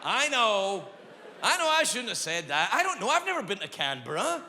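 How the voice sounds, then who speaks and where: Animated man doing stand-up. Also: high-pitched, moderate pace. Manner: animated, self-mocking storytelling. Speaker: stand-up comedian. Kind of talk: stand-up routine. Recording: reverberant live venue with hiss.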